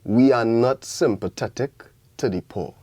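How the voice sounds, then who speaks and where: A man's voice: mid-range voice, unhurried, dark tone, dry recording. Passionate young Trinidadian man. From Trinidad and Tobago. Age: young adult. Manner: passionate, preachy, repetitive rallying calls. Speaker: guest artist. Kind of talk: radio interview. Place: radio studio.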